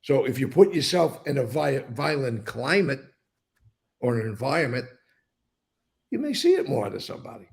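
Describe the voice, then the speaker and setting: A man's voice: mid-range voice, big pitch swings, normal speed, vocal fry, pauses often. An older man telling blunt, rambling stories in a casual interview, swearing freely. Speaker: interview guest.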